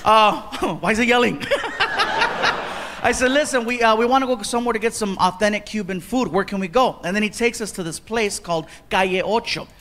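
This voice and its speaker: A man doing animated stand-up storytelling, acting out characters with loud outbursts. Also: sits high, fairly quick. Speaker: stand-up comedian. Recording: live club set with a laughing crowd and room noise. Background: audience laughter.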